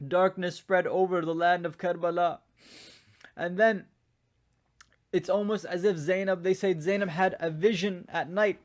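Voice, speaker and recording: Man, high voice, emotional religious storytelling, acts out quoted voices. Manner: acts out the quoted voices with rising pitch and force. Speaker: speaker at a mourning gathering.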